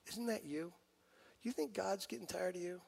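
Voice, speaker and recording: A pastor voicing the devil as a taunting male figure who whispers doubts in a hushed, sneering tone. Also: high voice, normal speed, gravelly, breathy edge, pitched above the performer's own voice, full character voice.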